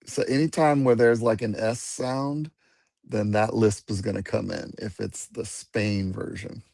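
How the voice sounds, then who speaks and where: A man on a video call, relaxed, patiently explaining pronunciation. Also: fairly low pitch, a little slow, gravelly, dry recording. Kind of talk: casual video-call chat.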